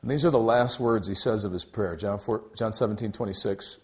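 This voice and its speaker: A young adult man preaching a sermon, swinging between loud exclaiming and quiet, near-whispered passages. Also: on the low side, fairly quick.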